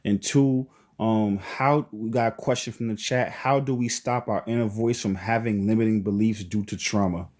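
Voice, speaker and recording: Mellow, rambling man hosting a live stream. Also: fairly low pitch, steady tone, normal speed, hardly any pauses. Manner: rambling, filler-heavy, many "you know"s. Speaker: host.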